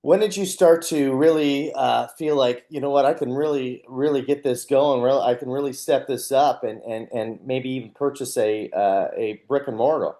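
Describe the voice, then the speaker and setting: A man hosting a podcast asks eager follow-up questions in a relaxed, mellow voice. His pitch sits in a middle range. Between questions he offers short affirmations. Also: moderate pace, hardly any pauses. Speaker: podcast host. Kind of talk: casual interview.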